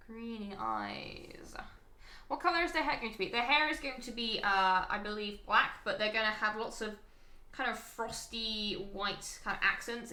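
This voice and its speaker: Her medium-pitched voice sounds pushed and bright in a reverberant space as she guides viewers through a live painting stream. She chats casually, thinks aloud while working, and says "um" often.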